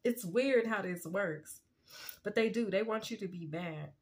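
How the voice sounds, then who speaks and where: A woman giving a casual spiritual tarot reading, chatty and quick to laugh, often asking "you know what I'm saying". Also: mid-range voice. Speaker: tarot reader.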